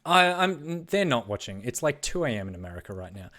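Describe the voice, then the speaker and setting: A man co-hosting a game broadcast, bantering casually. He teases his partner and rambles through stories with plenty of ums and uhs. His voice sits at an ordinary middle pitch. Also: big pitch swings, fairly quick, sharp tone. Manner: playful, teasing, rambling with many fillers. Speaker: esports broadcast co-host.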